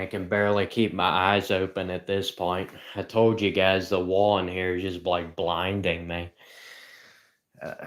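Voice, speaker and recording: A man rambling sarcastically on a livestream from inside a house, joking in deadpan asides. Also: on the low side. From rural United States. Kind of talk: rambling comedic livestream chat. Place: indoors in a house.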